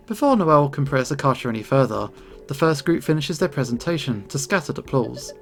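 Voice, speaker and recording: A man reading the narration of a visual novel aloud in a plain, steady way, with faint game music behind. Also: a little high, fast talker, gravelly. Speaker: gaming channel host.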